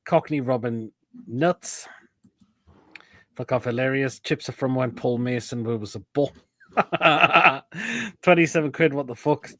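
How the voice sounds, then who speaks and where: A man's voice: mid-range voice, normal speed, no room sound. A man hosting a casual live stream, reading out comments and crude jokes about food photos. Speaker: host.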